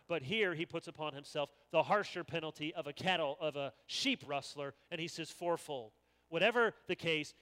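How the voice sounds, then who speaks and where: High-voiced man preaching in a reverberant hall. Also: clean tone. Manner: animated, acts out quoted voices. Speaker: pastor. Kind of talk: sermon. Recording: long reverb of a large hall.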